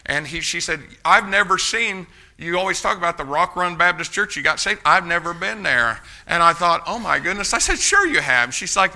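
A man's voice: on the high side, bright, forceful tone. A man preaching, telling a folksy personal story and urging his congregation on. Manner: folksy storytelling, rises to fervent exhortation. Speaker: pastor. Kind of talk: sermon with storytelling.

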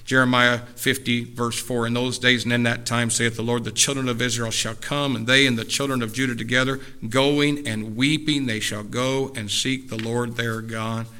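A male preacher with a very bright, forceful voice delivers a sermon. He reads scripture references in a measured way, then drives his points home with rising, shouted emphasis, and slips into relaxed, joking asides with the congregation. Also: medium pitch, clear, resonant tone. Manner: drops to a casual, joking tone with the congregation.

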